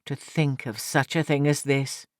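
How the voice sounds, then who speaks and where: An earnest young man presses every word with intensity, as the man reading the story voices him. He speaks slowly and deliberately. The voice is close to the mic, with a dry sound and no room around it. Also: mid-range voice, little pitch movement, dry recording, lightly acted. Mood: passionate. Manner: emphatic, intense. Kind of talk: audiobook character voice.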